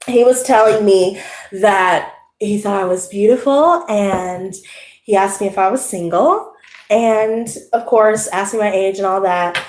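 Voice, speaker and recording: A woman with a high voice chats casually with her live audience, animated, profane and full of slang. She laughs often and tells her story with lots of energy. The room around her gives a noticeable echo. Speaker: tarot channel host.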